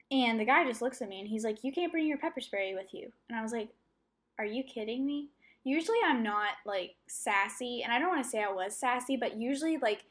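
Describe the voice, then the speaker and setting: A young adult woman hosting a solo podcast, rambling through a personal story with lots of fillers and self-corrections. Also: a little high. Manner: animated, acting out her own reactions. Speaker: podcast host.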